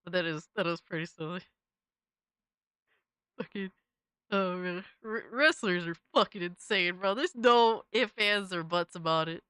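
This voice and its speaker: A man hosting a casual commentary show, swearing freely and reacting loudly. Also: sits high, steady tone, measured pace, pauses often, clear, resonant tone, no room sound, clean studio sound. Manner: profane, loud, exclamatory.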